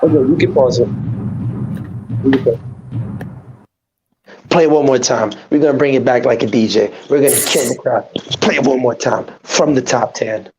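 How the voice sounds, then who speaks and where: A man hosting a podcast in casual chat, giving quick, playful instructions in a gravelly, husky voice. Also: mid-range voice, noisy background. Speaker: podcast host. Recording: dull lo-fi audio.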